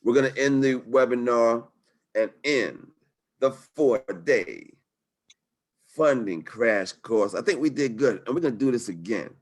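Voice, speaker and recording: A man's voice: mid-range voice, expressive, a little slow. A man hosting a live webinar over a video call, talking in an upbeat, slangy, hyped-up way. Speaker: webinar host. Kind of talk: live webinar sales talk.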